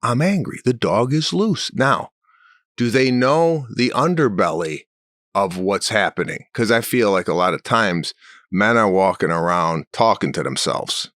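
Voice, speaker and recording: A middle-aged man co-hosting a podcast, telling stories in casual chat and working himself into animated rants. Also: a little slow, no echo, studio quality. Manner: animated storytelling, rants with rising pitch. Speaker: podcast co-host.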